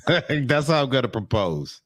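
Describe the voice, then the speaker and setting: A man's voice: medium pitch, very animated, slow pace, a bit bright. A man co-hosting a comedy podcast, making wry, laid-back remarks in casual chat. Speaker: podcast co-host.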